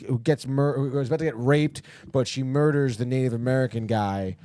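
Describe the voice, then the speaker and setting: This podcast host, a man with a mid-range voice who talks a little fast, gives a casual recap of a TV episode. He tells it animatedly, tossing off the characters' quips himself and swearing often.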